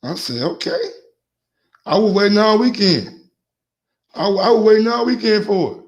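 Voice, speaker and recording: Man, sports call-in host, slightly high voice, excitable, repeats words, laughing. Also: moderate pace, lo-fi sound. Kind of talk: casual sports call-in talk.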